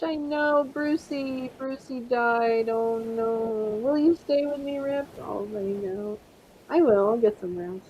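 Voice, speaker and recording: A woman's voice: fairly high pitch, slow pace, dull audio, a little hiss or hum. A middle-aged woman hosting a casual live stream, rambling and chatty, often laughing and trying out French words. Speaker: livestream host.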